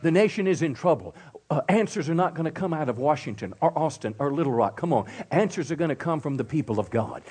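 A middle-aged man preaching a sermon as pastor at a church service, emphatic with "come on" call-outs and hushed storytelling. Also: fairly high pitch, lively intonation, quick pace, hardly any pauses, breathy edge.

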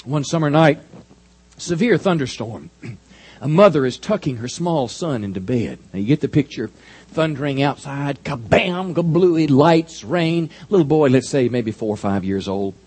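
A man preaching a sermon in an animated, folksy storytelling manner. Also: mid-range voice, a little slow, husky. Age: 50s. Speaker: pastor.

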